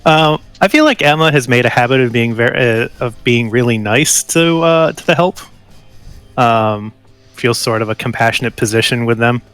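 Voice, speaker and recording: A man playing in a tabletop role-playing game, laughing and talking haltingly about his character's actions. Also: mid-range voice, fairly bright tone, smooth, faint music behind. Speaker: player. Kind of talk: casual tabletop play.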